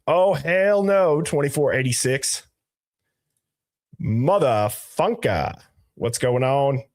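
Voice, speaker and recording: A man's voice: mid-range voice, animated, slow, darkish tone. A man hosting a casual live stream, reading out viewer names from the chat with loose, jokey asides. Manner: greets viewers by reading chat usernames aloud. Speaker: livestream host.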